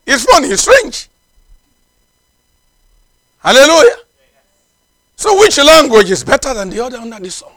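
Fiery preacher guy, english not his first language, bright high voice that swings all over, dry sound. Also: very animated, moderate pace, long pauses, no room sound. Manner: emphatic preaching with repeated exclamations. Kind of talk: sermon.

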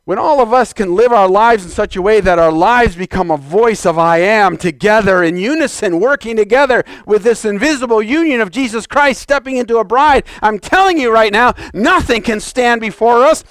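Fervent high-voiced preacher shouting declarations. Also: male voice, moderate pace, few pauses, clean tone, no room sound, clean studio sound. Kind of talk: sermon. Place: church.

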